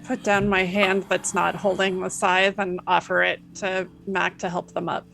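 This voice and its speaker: A woman playing in a tabletop game, describing her character's actions deliberately. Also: lowish voice, flat delivery, vocal fry, fairly bright tone. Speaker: player. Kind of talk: tabletop role-play. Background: faint background music.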